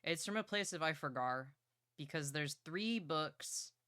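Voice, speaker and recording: A young woman livestreaming from her partner's home setup, chatting excitedly and playfully about books and swearing casually. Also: low voice, a little slow, no room sound, studio quality.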